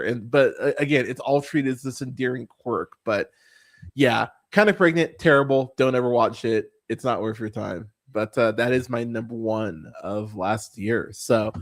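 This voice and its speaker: A man's voice: mid-range voice, moderate pace. Exasperated man ranting on a podcast. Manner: exasperated, profane, emphatic; stumbles and repeats words. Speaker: podcast host. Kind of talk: casual movie review rant.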